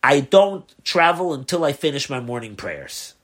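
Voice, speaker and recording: A man's voice: mid-range voice, big pitch swings, normal speed, fairly bright tone. A man voicing a stubborn, devout wagon driver who firmly refuses to budge. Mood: insistent. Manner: firm, insistent.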